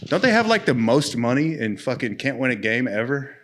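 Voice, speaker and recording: A man's voice: mid-range voice, big pitch swings, brisk, fairly bright tone, a little hiss or hum. Joking, cursing man hosting a podcast. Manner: loose, profane, joking banter. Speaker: podcast host. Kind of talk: casual podcast chat.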